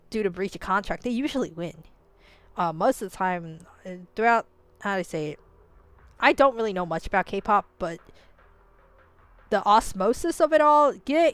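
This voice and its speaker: Woman, game streamer, casual rambling chat, swears a lot, lots of "like" fillers, mid-pitched, dead dry sound. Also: dry recording. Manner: rambling, swears freely, many "like" fillers and restarts. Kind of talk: casual live-stream chat while gaming.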